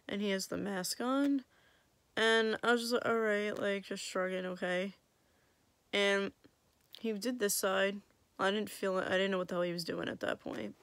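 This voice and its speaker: A young woman tells a story to her camera in a loose, chatty way. She mocks herself, quotes her own thoughts aloud and laughs often. Her pitch sits in the middle. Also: fairly bright tone, no room sound. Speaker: vlogger. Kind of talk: casual storytelling.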